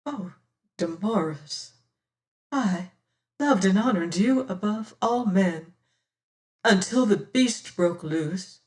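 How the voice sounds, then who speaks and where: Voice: mid-range voice, animated, slow pace, long pauses, a little mellow, roomy sound. A reader voicing a proud young woman pleading through tears in an audiobook. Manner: pleading, breaking into sobs and whispers. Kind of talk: audiobook character reading.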